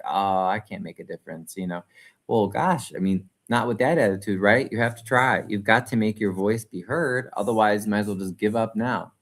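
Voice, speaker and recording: Low-voiced man in earnest, rambling chat. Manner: earnest, rambling, answers viewer comments. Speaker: channel host. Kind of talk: casual live-stream commentary.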